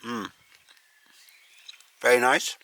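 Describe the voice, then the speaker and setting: A man's voice: mid-range voice, fairly even intonation, extremely slow, bright, forceful tone, no echo. A man from the United Kingdom vlogging casually outdoors at a campsite, chatty and rambling with plenty of fillers. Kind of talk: casual camping vlog to camera.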